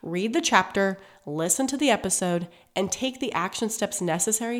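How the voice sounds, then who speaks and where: A woman's voice: mid-range voice, lively intonation, moderate pace, few pauses. A woman hosting a motivational podcast, talking straight to her listeners in an encouraging coaching tone, her voice nasal and congested from a cold. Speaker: podcast host.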